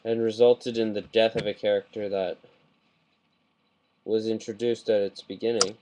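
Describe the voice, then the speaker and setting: A man talking through a model kit review in a casual, rambling way, getting excited and often correcting himself mid-sentence, recorded on a webcam mic. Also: lowish voice, moderate pace, a little hiss or hum, low-quality recording.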